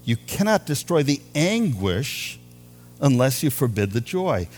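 A man preaching a sermon as a pastor, with animated delivery, drawing out key words for emphasis. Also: medium pitch, measured pace, soft background music.

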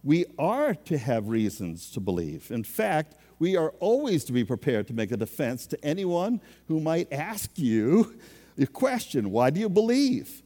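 A man's voice: a little high, wildly swooping pitch, measured pace, mellow, in a large hall. A man preaching a sermon as a pastor, in a conversational, self-deprecating way.

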